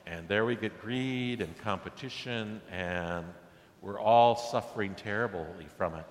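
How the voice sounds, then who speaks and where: A man's voice: lowish voice, unhurried, long reverb tail. A man preaching a sermon to his congregation, earnest and telling stories with acted-out voices. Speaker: pastor.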